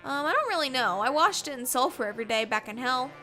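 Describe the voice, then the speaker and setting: A woman's voice: high-pitched, lively intonation, quick pace, pushed and bright, faint music behind. A woman voicing a shy teen demon girl from hell who talks hesitantly and stammers.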